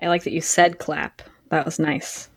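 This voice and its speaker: A woman's voice: deep voice, steady tone, normal speed, gravelly, dry recording, studio quality. A woman on an online call, teasing and playful in casual banter before a recording. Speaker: cast member of an audio drama. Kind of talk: casual pre-show banter. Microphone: online video call.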